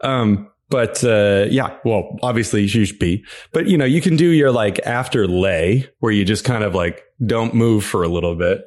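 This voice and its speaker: A man's voice: lowish voice, normal speed, hardly any pauses, a little mellow. A man co-hosting a podcast, chatting casually in an easygoing, rambling way. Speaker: podcast co-host. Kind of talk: casual comedic chat.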